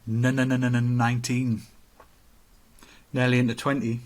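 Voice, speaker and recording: A man's voice: medium pitch, completely flat delivery, moderate pace. A man, co-hosting a casual podcast chat, joking and reading out viewer comments. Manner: chatty, joking, reads out comments. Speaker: podcast co-host.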